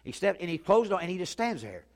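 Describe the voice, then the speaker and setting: A man preaching a sermon as a pastor, telling a story that swings from loud urgency to hushed quiet. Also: high voice, sing-song, quick pace, gravelly. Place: church sanctuary. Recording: long hall reverb.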